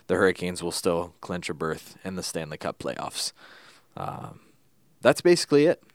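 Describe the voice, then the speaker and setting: Low-voiced man laying out the facts. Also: no echo. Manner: matter-of-fact, explains clearly, dry humor. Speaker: podcast co-host. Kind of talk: casual sports podcast chat.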